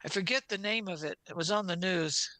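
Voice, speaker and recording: A woman co-hosting a casual chat, easygoing and a little hesitant. Her voice is bright and sits dry and close. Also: fairly low pitch, fairly quick, no echo. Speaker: podcast co-host.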